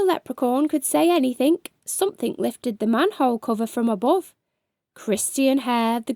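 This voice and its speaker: A woman reading a children's book aloud as a storyteller, in a gentle and expressive way. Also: fairly high pitch, a little slow, no echo, clean studio sound.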